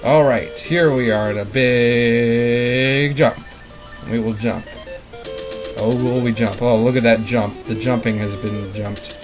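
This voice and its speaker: A man's voice: medium pitch, fairly even intonation, takes it slowly, poor audio. A man hosting a let's play, rambling through casual commentary with playful puns and jokes. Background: game music.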